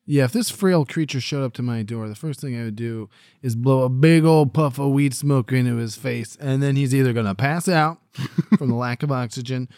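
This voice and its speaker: A man's voice: medium pitch, normal speed, a little mellow, clean tone, no room sound, clean studio sound. Laid-back joking man, podcast guest. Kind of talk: casual chat.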